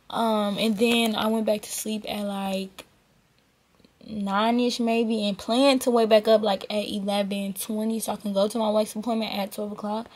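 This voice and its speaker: A young woman, chatting informally and directly to her viewers on a vlog, recorded on a camera mic. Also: mid-range voice. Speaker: vlogger. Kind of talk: casual vlog chat to camera.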